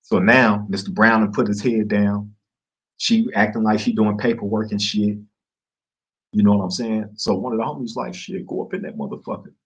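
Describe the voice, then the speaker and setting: A man's voice: lowish voice, normal speed, husky, rough recording. A man hosting a podcast, telling a story to camera in casual street slang and acting out the quotes. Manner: street slang, animated retelling with acted-out quotes. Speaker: podcast host.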